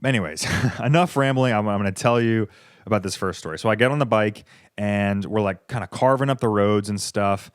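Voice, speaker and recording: A man's voice: lowish voice, fairly quick, clean tone, no room sound, studio quality. A young man hosting a casual solo podcast, rambling through profane, sarcastic tangents. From United States. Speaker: podcast host.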